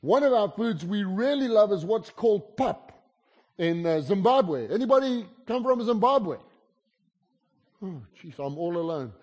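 With a high, slightly mellow, sing-song voice at a measured pace, a man from South Africa preaches as a guest. His sermon is funny, told chattily with stories and audience teasing, and a large hall's long reverb colors the sound.

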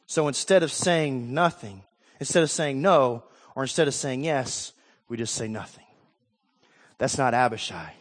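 A man preaching a sermon as pastor, emphatic, swinging from quiet, low passages to loud, rousing calls. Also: normal speed, long reverb tail.

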